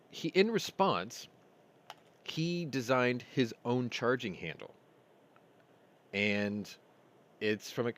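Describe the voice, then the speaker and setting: Low-voiced man in casual chat. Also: fairly bright tone. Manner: rambling storyteller, retells dialogue. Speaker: host.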